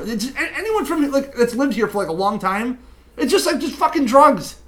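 A young man from New York rants through a casual podcast chat, swearing constantly and firing words out fast. His voice sits high for a man. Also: lively intonation, fairly bright tone. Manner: fast-talking, heavy swearing, ranting storyteller. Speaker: podcast co-host.

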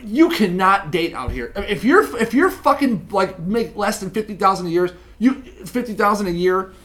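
A young man from New York telling profane stories in a rapid, ranting way during a casual podcast chat. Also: sits high, sing-song, fairly bright tone. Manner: fast-talking, heavy swearing, ranting storyteller. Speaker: podcast co-host.

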